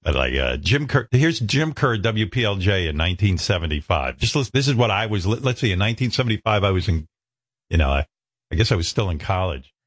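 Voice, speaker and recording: A man in his sixties from the New York area, a radio host telling stories in an animated, self-mocking, profane way. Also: sits low, fast talker, dry recording, studio quality. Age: 60s. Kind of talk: casual chat.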